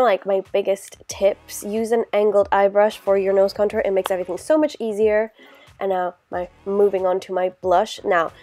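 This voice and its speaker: A woman's voice: medium pitch, mellow, no room sound. A young woman with a congested, stuffy voice from a cold, chatting casually through a makeup tutorial with lots of "like" and "you know". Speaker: beauty vlogger.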